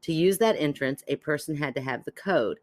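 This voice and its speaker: A woman's voice: sits low, animated, a little fast, a little mellow, no room sound. A woman co-hosting a podcast, chatting casually and cold-reading a listener's letter aloud, laughing easily and teasing.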